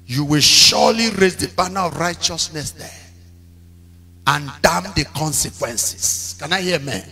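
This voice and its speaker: A man preaching a sermon, telling stories with drama and breaking into shouted call-and-response lines. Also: a little high, a little slow. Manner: dramatic storytelling. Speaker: pastor.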